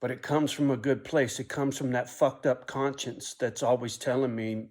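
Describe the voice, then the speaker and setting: Middle-aged vlogger, swearing, rambling, self-questioning, a plain mid-pitched voice. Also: male voice, fairly even intonation, normal speed, hardly any pauses, darkish tone. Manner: profane, rambling, self-reflective, often ending lines with a muttered "right?". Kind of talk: casual monologue vlog.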